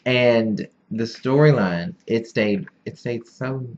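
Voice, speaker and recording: A man's voice: medium pitch, slow pace. A man reviewing a movie in a casual, rambling chat, giggly and poking fun at himself. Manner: rambling, giggly, self-deprecating. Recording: dull lo-fi recording.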